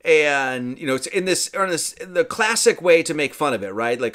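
A man's voice: a little high, expressive, moderate pace, hardly any pauses, a bit bright. A man hosting a casual film commentary, rambling, tagging lines with right? and acting out characters' lines. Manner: rambling, keeps asking right?. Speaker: host.

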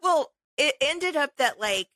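Bright-voiced woman chatting and laughing. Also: high voice, lively intonation, a little slow, dry recording, clean studio sound. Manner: chatty storyteller, laughs often. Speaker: podcast co-host. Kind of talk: casual chat.

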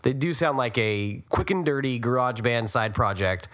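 A man's voice: mid-range voice, lively intonation, moderate pace, fairly bright tone. Chatty man hosting a music podcast. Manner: chatty, addresses the listeners as fans. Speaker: podcast host. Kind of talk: casual podcast chat about music.

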